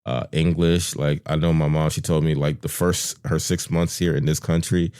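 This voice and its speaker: A man's voice: extremely low pitch, little pitch movement, moderate pace, warm tone, smooth, no echo, studio quality. A man as a podcast guest, talking in an easygoing, hesitant way with lots of restarts. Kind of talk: casual chat.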